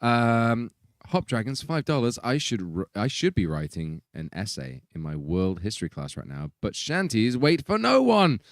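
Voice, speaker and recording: Lively, chatty man with a dry sound. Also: mid-range voice, moderate pace, few pauses, dry recording. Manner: giggly, chatty, reads donations aloud. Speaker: band member hosting a stream. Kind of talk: casual chat.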